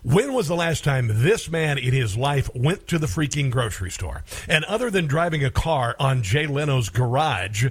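A man's voice: medium pitch, big pitch swings, moderate pace, few pauses, slightly rough. Sarcastic, combative male radio host. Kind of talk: talk radio commentary.

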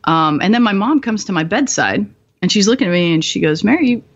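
Speaking fast and animatedly at a medium pitch, a podcast guest in her twenties recounts her story with candor, swearing, and self-mockery, laughing frequently. The podcast audio is slightly dull.

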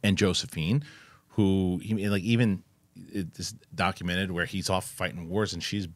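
A man co-hosting a film podcast speaks in a low, steady voice at an ordinary pace, recorded without room sound. His casual review chat rambles, with many restarts and some swearing.

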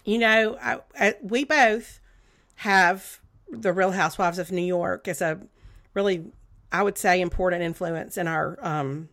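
A woman's voice: fairly low pitch, a little slow, a bit bright. A middle-aged woman co-hosting a podcast in casual chat, making wry, playful asides. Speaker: podcast co-host.

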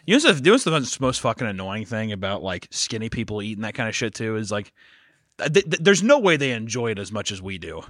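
A man's voice: lowish voice, sing-song, fast, a bit bright, dry recording, clean studio sound. A man co-hosting a comedy podcast, telling stories animatedly and swearing freely, often putting on voices for the people in them. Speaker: podcast co-host. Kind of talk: casual comedic chat. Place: podcast studio.

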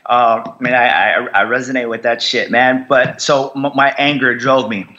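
A man's voice: medium pitch, fairly even intonation, normal speed, pushed and bright, dull audio. A man who served in war, telling his recovery story bluntly, swearing constantly and repeating himself for emphasis. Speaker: military veteran guest. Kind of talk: candid conversational storytelling.

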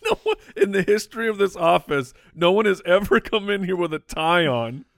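A man's voice: high voice, big pitch swings, vocal fry, a bit bright, no echo, clean studio sound. A man co-hosting a comedy podcast, cutting in with teasing remarks. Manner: teasing, quick interjections. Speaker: podcast co-host. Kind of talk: casual comedy chat.

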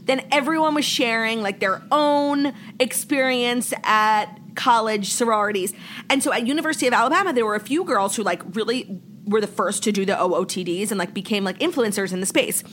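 A woman's voice: a little high, a little fast, a little hiss or hum. Chatty young woman retelling a story. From New York. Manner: chatty, heavy "like" filler, animated retelling. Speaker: podcast co-host. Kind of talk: casual chat, storytelling.

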